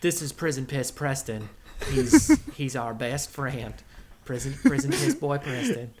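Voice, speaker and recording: A man's voice: mid-range voice, sing-song, measured pace, crowd noise. A man voicing a goofy drawling cowboy outlaw who hosts a quiz game, rambling and tripping over his own words. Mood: hammy. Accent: put-on cowboy drawl. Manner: rambling, goofy, self-interrupting. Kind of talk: comedic podcast bit.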